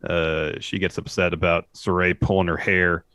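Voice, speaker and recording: A man co-hosting a podcast, recounting a wrestling show in a steady, matter-of-fact way. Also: low-pitched, normal speed, clean tone, dry recording. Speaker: podcast co-host. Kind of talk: casual wrestling recap chat.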